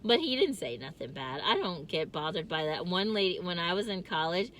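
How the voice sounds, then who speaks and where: A woman's voice: fairly low pitch, sing-song, fairly quick, background noise. A woman vlogging from her car in casual chat, with a distinctive nasal voice, rambling and laughing often.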